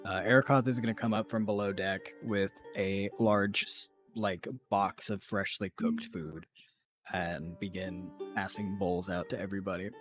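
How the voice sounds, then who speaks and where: A man playing a tabletop role-playing game, describing his character's actions in a hesitant, halting way and teasing the other players. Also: deep voice, steady tone, faint music behind. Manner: hesitant, many fillers and restarts, then teasing. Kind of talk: casual tabletop role-play narration.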